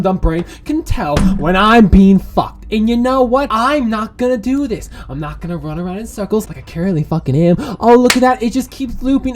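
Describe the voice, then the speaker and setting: A woman playing a game on video, talking through it and reading the story text aloud, swearing and mocking herself with sudden shouted outbursts. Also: a little high, slight background noise. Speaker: let's play gamer.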